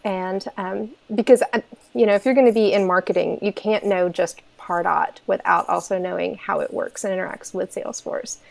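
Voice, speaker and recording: Kentucky-accented woman guest, relaxed chatter, lots of "um", gravelly edges. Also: medium pitch, moderate pace. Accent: Kentucky Southern US. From Kentucky, USA. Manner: easygoing, self-deprecating, many fillers. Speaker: podcast guest, consultant. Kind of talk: casual interview chat.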